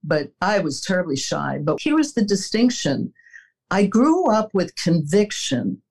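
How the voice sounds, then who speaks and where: A woman's voice: lowish voice, very animated, unhurried, darkish tone, husky, rough recording. An older woman answering interview questions, telling personal stories in an earnest way, with small laughs and restarts. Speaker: interview guest, former executive.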